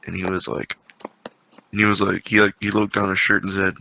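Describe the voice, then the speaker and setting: A man's voice: low-pitched, level tone, fairly quick, vocal fry, bright, forceful tone, poor audio. A man co-hosting a podcast in casual chat, telling stories in a wry, dry way. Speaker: podcast co-host. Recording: noticeable background noise.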